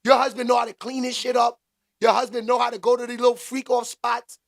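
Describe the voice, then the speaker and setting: On a laid-back live stream, a man answers his chat in slangy street talk, talking fairly quickly. His high voice has a gravelly rasp, and he stays animated, breaking into loud exclamations.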